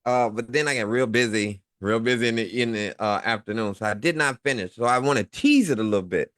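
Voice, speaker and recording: A man's voice: medium pitch, fairly quick, fairly bright tone, no room sound, clean studio sound. A man co-hosting a casual online talk show, talking in a rambling way with lots of fillers and chuckles. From Midwest United States. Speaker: co-host. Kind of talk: casual livestream chat.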